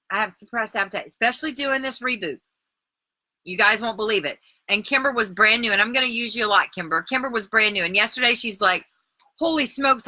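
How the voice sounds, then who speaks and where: Woman, workshop host, chatty and upbeat, very bright tone, dry close sound. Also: a little high, no room sound. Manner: chatty, encouraging, reads out viewer comments. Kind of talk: live-stream workshop talk.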